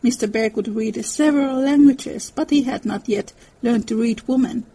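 Mellow, husky woman reading a classic novel. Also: fairly high pitch, normal speed, low-quality recording. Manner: expressive storytelling. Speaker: narrator.

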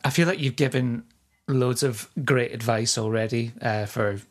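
A man's voice: mid-range voice, fairly even intonation, normal speed. A male interviewer asking a guest questions, rephrasing as he goes.

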